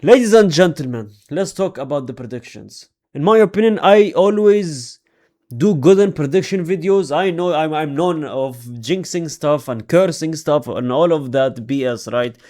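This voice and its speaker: Animated young man talking football. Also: a little high, normal speed. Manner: animated, swings loud and soft, repeats ladies and gentlemen. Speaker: football vlogger. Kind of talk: casual predictions vlog.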